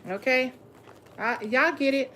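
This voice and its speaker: A woman's voice: high voice, a little slow, pushed and bright, slight background noise. A woman giving a casual tarot reading, blunt and full of profanity and slang, talking straight to her viewers. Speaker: tarot reader.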